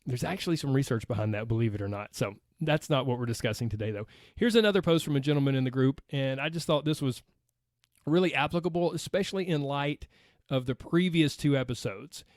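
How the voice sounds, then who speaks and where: A man's voice: medium pitch, brisk, dry recording. Chatty Southern man, dry close sound. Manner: friendly, chatty, laughs while reading. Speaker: podcast host and weight loss coach. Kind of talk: casual podcast talk, reading listener posts aloud.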